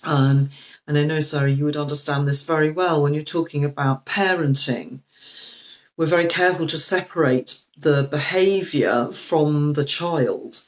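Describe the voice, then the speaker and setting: A woman coach giving a live video talk, speaking gently and reflectively with frequent ums and restarts. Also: deep voice, moderate pace, low-quality recording. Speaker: life coach.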